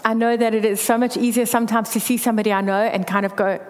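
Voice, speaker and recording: A woman's voice: on the high side, steady tone, quick pace, hardly any pauses, darkish tone. Woman, candid storytelling, faith testimony, reverberant hall. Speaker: speaker sharing a faith testimony. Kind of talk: personal testimony talk.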